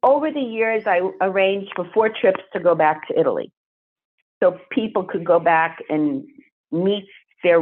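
A woman who is a podcast guest, telling a story in an animated, emphatic way. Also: deep voice. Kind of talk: storytelling interview. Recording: phone-like narrow sound.

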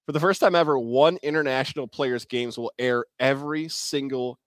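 A man's voice: medium pitch, normal speed, no room sound. A man hosting a casual sports chat, giving blunt, opinionated takes. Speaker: podcast host.

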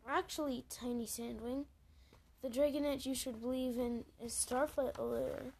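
A woman's voice: high voice, steady tone, normal speed, gravelly, darkish tone. A woman reading aloud as a cold, haughty male dragon elder.

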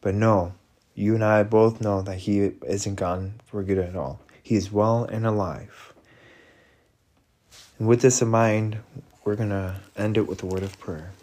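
A man giving a slow, halting devotional retelling and prayer, reflective, with frequent restarts. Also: fairly low pitch, steady tone, a little mellow. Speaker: preacher.

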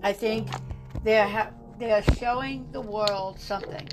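A woman's voice: mid-range voice, fairly even intonation, measured pace, over music. A woman delivering an impassioned political monologue, emphatic and rousing, repeating lines for effect and dropping to a grave tone for warnings.

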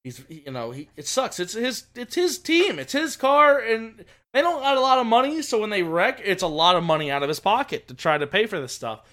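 A man with a high, bright voice co-hosts a casual podcast. He rambles eagerly, restarting sentences as he goes. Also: fairly quick. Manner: excited, rambling, many restarts. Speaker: podcast co-host. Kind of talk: casual racing chat.

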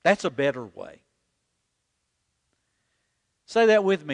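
A man with a fairly high voice preaches a little slowly, leaving long pauses. As pastor in a church sanctuary with long hall reverb, he gives an animated sermon and guides the congregation through repeating a prayer.

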